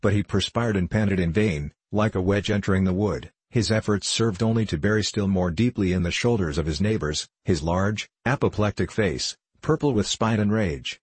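Male audiobook narrator, measured reading, deep husky voice, dry close sound. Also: a little mellow, no room sound.

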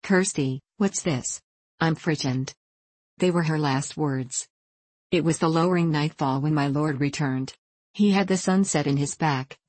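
A woman with a low, husky voice reads a classic novel aloud. Her narration is measured and even, recorded close and dry. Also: no room sound. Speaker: audiobook narrator.

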